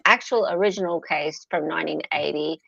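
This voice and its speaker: Gravelly Australian woman, chatty and dry-sounding. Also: deep voice, a little fast, a bit bright, no echo. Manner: chatty, leans on tag questions. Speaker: co-host streamer. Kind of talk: casual live-stream chat. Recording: dull lo-fi stream audio.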